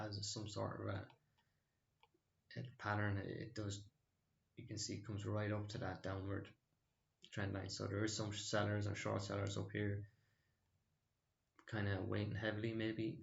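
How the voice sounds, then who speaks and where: A man's voice: lowish voice, gravelly, roomy sound, lo-fi sound. A man casually talking through his stock trades, rambling and hesitant with many fillers and restarts. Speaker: stock trading channel host. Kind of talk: casual screen-share trading recap.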